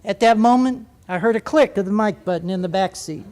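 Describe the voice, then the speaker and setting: A man, a former pilot, telling a humorous story with lively, animated delivery. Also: high voice, a little fast. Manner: lively, animated, comic timing.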